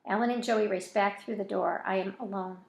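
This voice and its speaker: A woman's voice: mid-range voice, fairly even intonation, a little fast, gravelly, a little mellow, reverberant. A woman reading a novel aloud in an informal way, with casual self-correcting asides between chapters. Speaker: reader of a novel.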